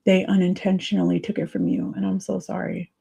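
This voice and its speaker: Husky, gravelly woman confiding. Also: lowish voice, flat delivery, brisk, warm tone. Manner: confiding and emotional, sympathetic. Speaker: livestream host. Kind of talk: livestream chat with viewers.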